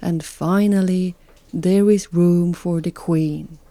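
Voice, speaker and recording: Slow, mellow-voiced reflective woman. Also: fairly low pitch, no room sound. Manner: slow, calm and reflective, with soft whispered asides. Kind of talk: reflective spoken narration.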